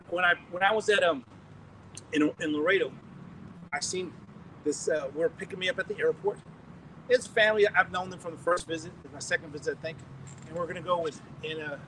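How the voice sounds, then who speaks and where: A high-voiced American man preaching, spinning animated stories with chuckles and restarted phrases. He sounds a little distant from the microphone, and faint background noise sits under his words. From United States. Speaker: pastor. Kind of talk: storytelling sermon testimony.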